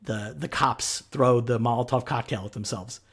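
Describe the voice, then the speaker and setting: A man co-hosting a casual TV recap podcast, talking in an animated way, swearing freely and leaning on fillers. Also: medium pitch, normal speed, husky. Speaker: podcast co-host.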